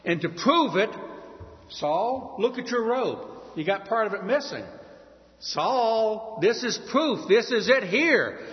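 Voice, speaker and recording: A man's voice: high voice, sing-song, takes it slowly, voice pushed up, heavily acted. A man voicing a young male warrior who pleads with a king in an earnest, raised voice. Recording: dull reverberant hall recording.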